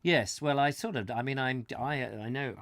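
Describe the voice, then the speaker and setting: A man in his fifties chatting live to his viewers, halting and rambling as he searches for words, earnest and heartfelt. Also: medium pitch, a bit bright, no echo. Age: 50s. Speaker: host of a live reading channel. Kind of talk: casual live chat to viewers. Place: his own studio.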